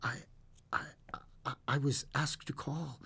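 A man voicing an uneasy visitor who brings bad news in a low, stammering voice. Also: fairly even intonation, unhurried, creaky, bright, forceful tone, slightly rough, full character voice. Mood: hesitant. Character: hesitant, uneasy male messenger of bad news.

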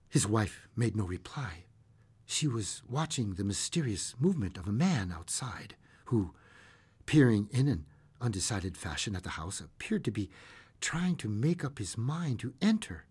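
A man narrating a classic short story aloud in an expressive way, with occasional stumbles and chuckles. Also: lowish voice, normal speed, husky.

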